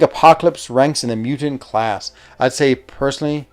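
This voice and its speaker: A man hosting a live stream, chatting casually while he plays a game. He thinks aloud, reacts quickly to what happens on screen and often trails off mid-sentence. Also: mid-range voice. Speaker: streamer and show host. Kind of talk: casual live gameplay commentary.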